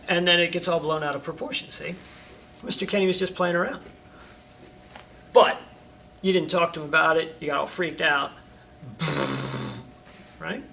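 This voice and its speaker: A middle-aged karate instructor speaks in a bright, gravelly voice, coaching his students in a casual way and checking in with them often. He is recorded from a distance in a training hall, with a faint rumble behind him. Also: normal speed, pauses often. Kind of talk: talking to students on camera.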